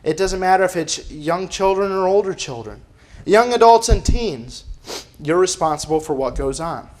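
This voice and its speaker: A man's voice: high voice, lively intonation, normal speed, darkish tone. A man preaching a sermon as pastor, emphatic and firing off rhetorical questions. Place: church.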